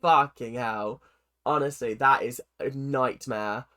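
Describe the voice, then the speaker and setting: Excitable reaction host. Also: medium pitch, slow pace. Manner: emotional, swearing, exclaiming. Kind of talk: casual reaction commentary.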